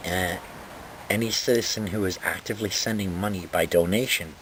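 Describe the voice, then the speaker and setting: A man's voice: low-pitched, a little hiss or hum. A man ranting indignantly about politics, reading items from notes and swearing often. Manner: indignant, profane, exasperated. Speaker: political vlogger.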